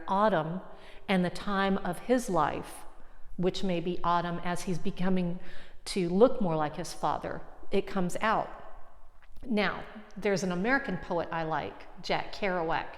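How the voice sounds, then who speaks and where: Woman teaching in an echoey room. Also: on the low side. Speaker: arts center teacher. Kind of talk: friendly video lesson.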